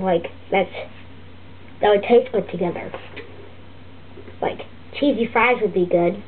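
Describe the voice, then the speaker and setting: A woman voicing a fussy, griping turtle puppet teacher, rambling and halting with many restarts. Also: medium pitch, close to an everyday voice. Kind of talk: comic puppet vlog monologue. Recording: tinny lo-fi phone-like audio with faint hiss.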